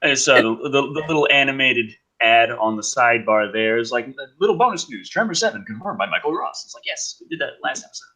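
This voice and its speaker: A man hosting an online talk show with a lively, animated voice. His tone is bright and tense, with a husky edge, and he tosses in sarcastic jokes. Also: medium pitch, a little fast, few pauses. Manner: sarcastic quips. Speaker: host. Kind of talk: casual podcast chat.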